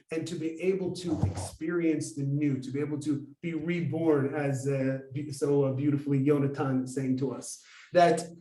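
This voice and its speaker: A man tells a personal story to a live audience and acts out the dialogue with animation. He speaks a little high for a man and asks the audience questions. His voice rings in a roomy, echoing space. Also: normal speed, darkish tone. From United States. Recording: roomy echo.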